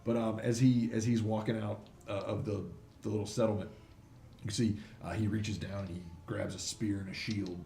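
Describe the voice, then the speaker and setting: A man's voice: lowish voice, little pitch movement, moderate pace, mellow, a little hiss or hum. A man running a tabletop game as game master, narrating loosely with many fillers. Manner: loose, laughing, lots of fillers. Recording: echoey room, faint ambience.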